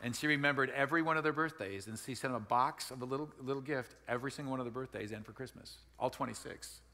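Man, pastor, bright forceful voice, folksy sermon, long hall reverb. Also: medium pitch, fast. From Wisconsin, United States. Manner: conversational, folksy, repeats and restarts phrases.

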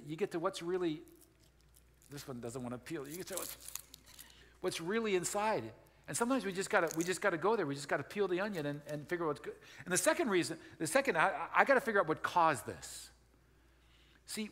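A middle-aged pastor from Wisconsin, United States, preaches a folksy, conversational sermon, frequently repeating and restarting phrases. His voice is high, bright, and forceful, ringing with long hall reverb.

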